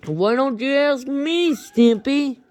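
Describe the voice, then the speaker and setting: A woman voicing a bossy cartoon horse who calls out loudly. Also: sits high, animated, slow, voice pushed up. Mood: calling out.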